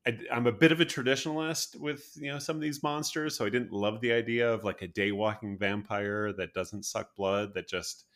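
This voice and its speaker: Brief: man co-host, lowish voice, halting explainer, laughs easily. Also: fairly bright tone. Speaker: podcast co-host. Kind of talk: casual chat.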